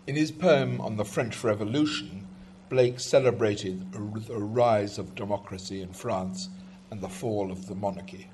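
A man's voice: lowish voice, measured pace, darkish tone, slight background noise. A man talking through historical background before poems are read, with frequent ums and restarts. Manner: hesitant, many ums and restarts. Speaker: speaker introducing poems. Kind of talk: conversational talk.

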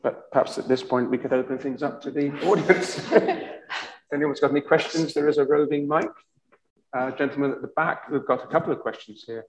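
Measured male host in a roomy hall. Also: fairly high pitch, a little hiss or hum. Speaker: event host. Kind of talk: hosting a poetry event and reading a poem aloud.

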